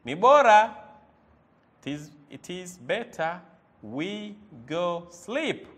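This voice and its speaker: A male teacher with a high voice that swings up and down as he talks. He walks through a language lesson slowly and deliberately, repeating each word. He keeps quizzing the listener. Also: sing-song, fairly bright tone. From Tanzania. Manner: slow, repeating words and quizzing the viewer. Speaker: Swahili teacher.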